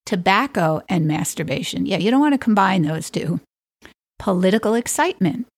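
A woman's voice: mid-range voice, dry recording. A woman hosting a solo podcast, reading down a list and dropping wry, playful asides with the odd chuckle. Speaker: podcast host.

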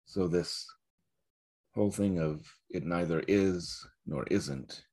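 A man giving a dharma talk as a Zen teacher, reflective and searching, with soft laughs. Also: low-pitched, takes it slowly, breathy edge.

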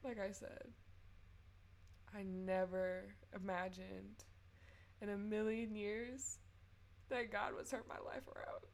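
A woman's voice: mid-range voice, flat delivery, slow pace, vocal fry, long pauses. A young woman hosting a podcast, sharing a personal testimony in an earnest, tearful way and offering faith-filled encouragement. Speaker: podcast host.

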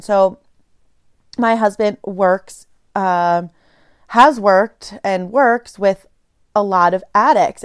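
A woman's voice: mid-range voice, smooth, dry recording, clean studio sound. A woman in her thirties hosting a solo podcast, talking things through in a reflective, meandering way with frequent restarts. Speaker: podcast host. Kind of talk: casual solo podcast monologue.

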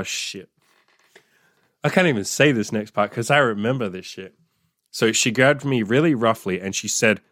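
A man's voice: fairly low pitch, a bit bright, dry recording, clean studio sound. A young man telling a story from his diary in a casual podcast monologue, swearing often and reacting aloud as he reads. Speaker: podcast host reading his old diary.

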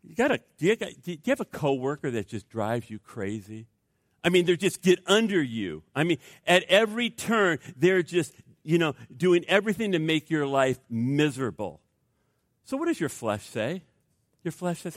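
A man preaching a sermon as pastor, animated, acting out inner voices for his congregation. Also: a little high, moderate pace, dry recording, studio quality. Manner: animated, acts out voices of flesh and Spirit.

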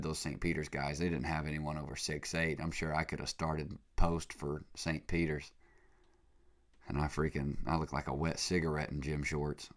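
A young man with a very deep voice hosts a laid-back podcast monologue. He sounds congested from being sick. He rambles excitably and leans on slang fillers. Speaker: podcast host. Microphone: podcast mic.

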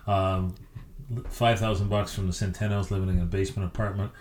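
A middle-aged man, a hockey coach, telling stories as a guest in an interview with a lively, anecdotal delivery. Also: low-pitched, a little fast, echoey room, noisy background. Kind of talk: storytelling interview.

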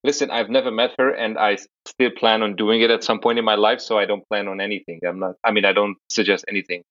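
A man's voice: fairly low pitch, steady tone, fast talker, a bit bright, dry recording, dull audio. A man co-hosting a podcast, teasing his partner playfully in casual banter.

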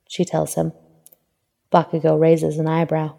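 A woman narrates fan fiction steadily and evenly at normal speed. Her low voice carries a gravelly fry and a mellow tone, and a long reverb trails behind her.

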